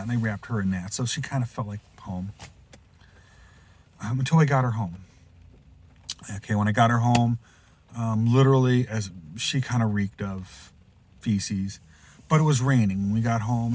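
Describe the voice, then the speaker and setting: A man hosting a podcast, telling a rambling pet story in a casual way, restarting often and jumping into loud, high voices when he quotes someone. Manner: rambling, with frequent restarts and asides. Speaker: podcast host.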